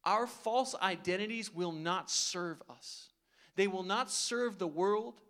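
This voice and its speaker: High-voiced man preaching a sermon. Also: takes it slowly, fairly bright tone. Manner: earnest, conversational preaching with rhetorical questions. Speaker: pastor.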